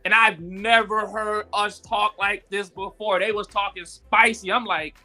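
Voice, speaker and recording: A man telling a story in casual live-stream talk, animated and full of "like" and "yo", jumping high when he quotes people. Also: a little slow, soft background music. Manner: animated, acts out quotes with sudden high pitch jumps; frequent fillers "like" and "yo". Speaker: guest entrepreneur.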